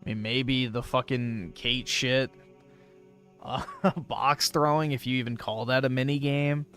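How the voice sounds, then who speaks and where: A man's voice: mid-range voice, measured pace, soft background music. Matter-of-fact male co-host. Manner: calm, matter-of-fact, correcting. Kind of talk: casual gaming chat.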